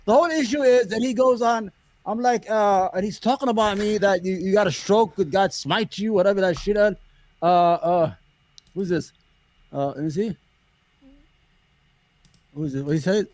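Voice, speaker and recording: High-voiced man ranting profanely. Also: moderate pace, long pauses, a little mellow. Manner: profane, heated storytelling. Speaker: podcast host. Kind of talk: casual current-events rant.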